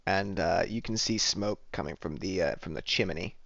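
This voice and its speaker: Low-voiced man running a tabletop game. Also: moderate pace, vocal fry, a bit bright, no echo, muffled recording. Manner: casual, rambling with fillers. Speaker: dungeon master.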